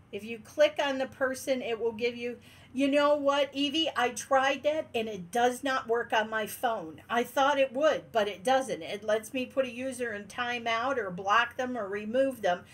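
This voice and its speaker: A woman's voice: a little high, moderate pace. A woman hosting a casual livestream from her den at home, bubbly and laughing often as she greets viewers one by one. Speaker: livestream host.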